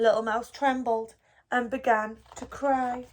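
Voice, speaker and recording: Woman reading a kids story out loud for a school, high-ish voice, gentle and expressive. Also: unhurried. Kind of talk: reading a picture book aloud.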